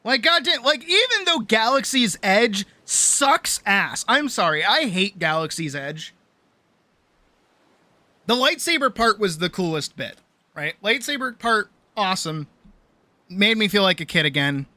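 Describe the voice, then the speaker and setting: A young adult woman streamer telling a story in a casual, animated rant, swearing often and full of fillers. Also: medium pitch, unhurried, no room sound.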